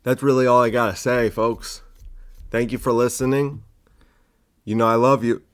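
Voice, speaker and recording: A man's voice: mid-range voice, steady tone, normal speed, smooth. A male podcast host in the middle of a casual rant. His delivery is sarcastic and provocative, slipping into a mock-soothing tone as he needles his listeners.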